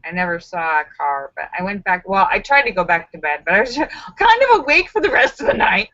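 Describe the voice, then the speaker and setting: A woman's voice: mid-range voice, very animated, a little fast, bright, forceful tone, dull audio. A woman hosting a casual live stream, chatting with viewers in a sassy, joking, self-mocking way.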